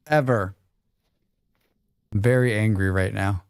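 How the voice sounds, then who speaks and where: A man's voice: on the low side, a little slow, long pauses, clear, resonant tone, dry recording, clean studio sound. A man streaming a survival game live, talking to himself in a casual, joking, grumbling way as he plays. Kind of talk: casual live gameplay commentary.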